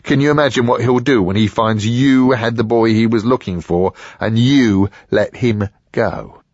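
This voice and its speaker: A man's voice: mid-range voice, moderate pace, a little mellow, no room sound, dull audio, lightly acted. A man doing a blustering bulky crook. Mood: accusing.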